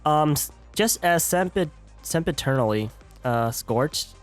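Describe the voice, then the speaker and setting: A man's voice: on the high side, animated, measured pace, faint music behind. A man streaming a game live, chatting casually, stumbling over words and joking with his chat.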